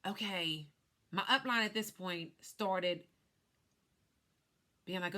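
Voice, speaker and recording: A woman in her thirties, a life insurance agent, telling her story to camera in an animated way while glancing at cue cards. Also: fairly low pitch, slow pace, pauses often. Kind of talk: casual talk to camera.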